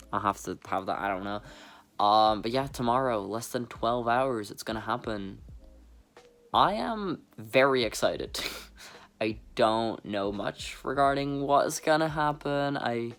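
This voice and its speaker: Candid young vlogger, rambling nervous laughs. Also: male voice, mid-range voice, measured pace, fairly bright tone. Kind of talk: candid personal vlog.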